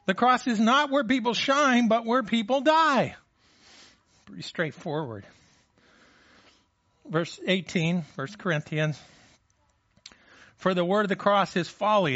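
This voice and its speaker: Man, high voice, conversational sermon, rhetorical questions, slightly dull recording. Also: a bit bright, dry recording. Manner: conversational preaching with frequent restarts and rhetorical questions. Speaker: pastor.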